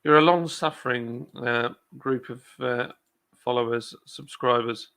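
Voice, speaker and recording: Gravelly chatty British-sounding man. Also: medium pitch, fairly even intonation, unhurried, bright, forceful tone. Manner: chatty, self-deprecating, rambling with many fillers. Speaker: brewery livestream host. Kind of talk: casual live chat reading comments.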